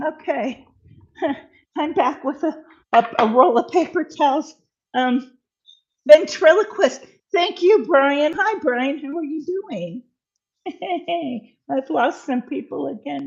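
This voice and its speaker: A woman hosting a casual livestream from her home kitchen, chatting in a rambling way with many fillers while she bakes. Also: high-pitched. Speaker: livestream host. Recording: dull lo-fi sound.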